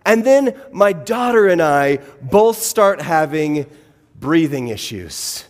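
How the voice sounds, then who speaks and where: High-voiced pastor in a reverberant church hall. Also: male voice, very animated, slow. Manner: wry, self-deprecating conversational humor. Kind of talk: sermon with personal storytelling. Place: church sanctuary.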